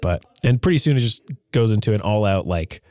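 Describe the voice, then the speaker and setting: Young male co-host, casual and rambling, low voice, close and dry. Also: lively intonation, brisk, a little mellow, dry recording. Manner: rambling, retells scenes with acted-out voices. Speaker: podcast co-host. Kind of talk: casual chat.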